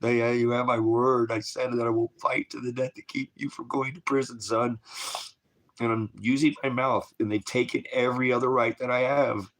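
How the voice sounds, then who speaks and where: A man's voice: medium pitch, flat delivery, normal speed, a bit bright. A man recording an emotional video message as a father, distraught and self-blaming, his voice breaking as he struggles to hold himself together. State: crying, struggling to keep composure. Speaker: father making a video appeal.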